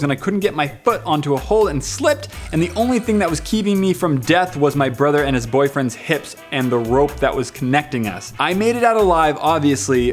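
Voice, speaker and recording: Male vlogger in his twenties, slightly high voice, playful and joking as he reads comments, light music bed. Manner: playful, jokey, animated. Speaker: vlog host. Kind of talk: reading viewer comments aloud.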